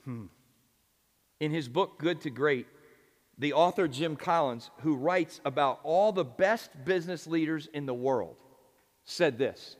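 A man with a high voice preaches a sermon, talking plainly and tossing questions to his listeners. His voice carries through a large hall with a long reverb. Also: measured pace. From United States. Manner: conversational, asks the audience questions. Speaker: pastor.

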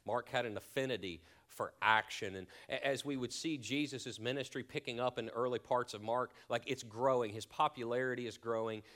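A man preaching a sermon as pastor, earnest and deliberate, often dropping to a hushed near-whisper for emphasis, and leading a prayer. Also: mid-range voice, steady tone. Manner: leads a spoken prayer.

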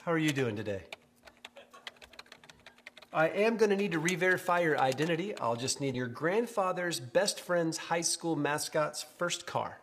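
A man playing a clueless tech support agent who speaks with scripted, deadpan politeness in a comedy clip. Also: fairly high pitch, normal speed, slight background noise.

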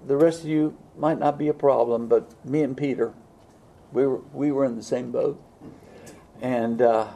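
Male preacher, warm gravelly voice, slightly husky, folksy and halting delivery. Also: medium pitch. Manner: folksy, halting, with frequent fillers and restarts. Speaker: pastor. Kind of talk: sermon.

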